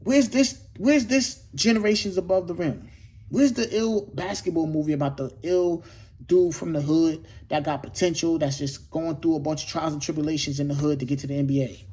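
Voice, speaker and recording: A middle-aged man riffs to his audience with a husky, slightly breathy voice that sits a little high for a man. He talks in loose slang, keeps asking rhetorical questions and circles back to the same points. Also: fairly quick. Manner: animated, rhetorical, slangy, repeats himself. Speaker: host. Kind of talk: casual monologue to camera.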